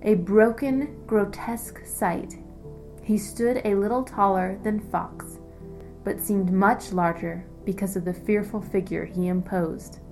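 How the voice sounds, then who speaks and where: A woman narrating a fantasy audiobook in a measured, descriptive way. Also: mid-range voice, fairly even intonation, darkish tone, soft background music, low-quality recording. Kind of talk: scripted story narration.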